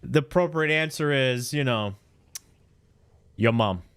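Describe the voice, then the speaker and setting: A man's voice: mid-range voice, measured pace, a bit bright, smooth. A young man live-streaming a video game from a home setup, joking with chat, rambling, swearing freely and stumbling over words.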